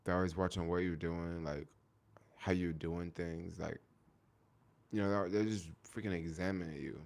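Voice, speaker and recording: Deep gravelly young man live streaming. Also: fairly even intonation, moderate pace, a little mellow. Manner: rambling, heavy use of "like", reads and answers viewer comments. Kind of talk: casual live stream chat.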